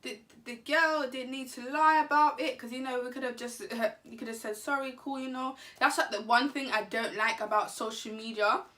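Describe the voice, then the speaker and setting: A woman tells a story in an animated, slangy way and laughs often. Her voice is bright and fairly high. She sits a little back from the mic. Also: normal speed, hardly any pauses, far from the mic. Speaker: vlogger. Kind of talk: casual storytime.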